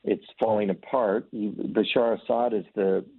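A man's voice: lowish voice, steady tone, normal speed, gravelly, no echo. A man who leads a ministry, telling earnest stories in conversation and acting out the voices in them. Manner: earnest storyteller, acts out voices in anecdotes. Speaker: ministry leader. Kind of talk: conversational testimony. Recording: tinny phone line.

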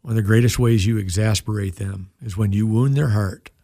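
An older man, a pastor, telling a heartfelt story from his youth in an earnest, emotional way. His voice sits low, gravelly and husky. The sound is dry and close. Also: steady tone, a little fast, dark tone, dry recording. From United States. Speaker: pastor and guest. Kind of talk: storytelling in an interview.

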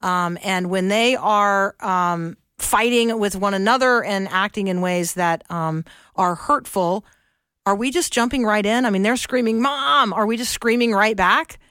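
A woman hosting Christian talk radio in a dry, close studio sound. Her voice sits in a middle register, and she talks in an earnest, reflective way, pausing on fillers as she works through her thoughts. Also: medium pitch, fairly bright tone, smooth, dry recording. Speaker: radio host.

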